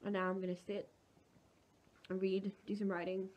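A woman's voice: mid-range voice, completely flat delivery, moderate pace, darkish tone. A young woman with a sore throat, chatting casually and rambling through her plans in a home vlog. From England. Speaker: vlogger. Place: at home, indoors.

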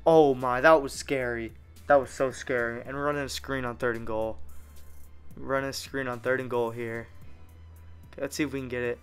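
A young man commentates on his own football video game, calling each play out loud. His voice is smooth and clear at a middling pitch, with faint game music underneath. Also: moderate pace. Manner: excitable, narrates plays as they happen. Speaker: gaming YouTuber. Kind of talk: live gameplay commentary.

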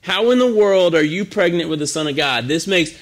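Man playing a baffled young guy, halting, kinda high voice. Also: expressive. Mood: incredulous. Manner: halting, incredulous. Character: bewildered young man Joseph, fiancé.

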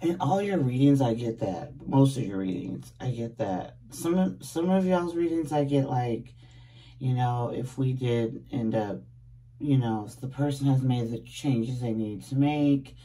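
A woman's voice: rumbling low, lively intonation, unhurried, warm tone, recorded from a distance. A woman tarot reader chatting casually to her viewers in a groggy, just-woken voice, laughing often and calling them babies. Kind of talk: casual tarot reading to camera.

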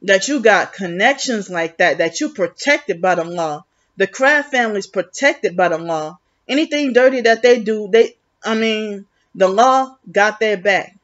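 A woman's voice: medium pitch, lively intonation, measured pace. A woman vlogging in a rambling, agitated, accusatory monologue, full of restarts. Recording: muffled lo-fi recording.

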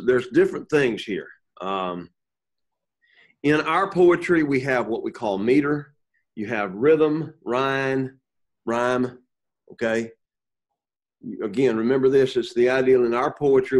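A man teaching a Bible class to students, pausing often, repeating words and checking in with "okay?". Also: medium pitch. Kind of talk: classroom lecture with questions to students.

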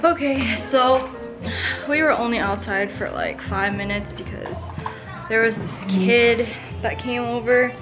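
A young woman vlogging in casual chat, telling stories and acting out what people said. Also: a little high. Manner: chatty, says "like" a lot, retells stories with quoted voices.

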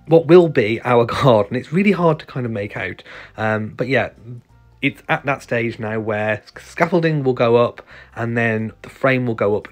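A man casually vlogging to camera, chatty and gentle, talking about his garden and his shopping. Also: medium pitch. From Britain. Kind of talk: casual vlog chat. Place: home garden and greenhouse.

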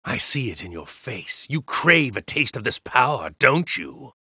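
An actor playing a haughty, contemptuous evil god in a hero's body, delivering slow, grandiose game voice lines. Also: male voice, mid-range voice, very animated, bright, forceful tone, husky, no room sound, studio quality, heavily acted. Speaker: video game character.

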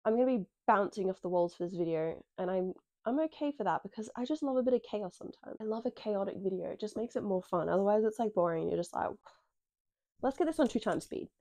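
A woman with an Australian accent chatting excitedly to camera as a book vlogger. She sounds stuffy and nasal from a cold and swears casually. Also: medium pitch, fast talker, no room sound. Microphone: dedicated microphone close up.

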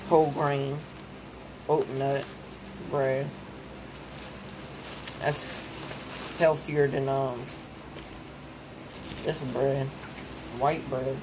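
A woman's voice: extremely low pitch, noisy background. A young woman, venting in a casual vlog. She rants, repeats phrases and gets herself worked up. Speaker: vlogger.

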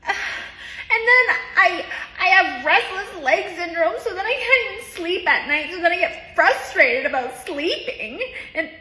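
A woman's voice: very high voice, expressive, measured pace, bright, forceful tone, echoey room, pitched above the performer's own voice, full character voice, poor audio. A woman voicing a worn-out, oversized woman who whimpers, half laughing and half crying. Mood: weepy. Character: exhausted oversized woman, weepy and whiny.

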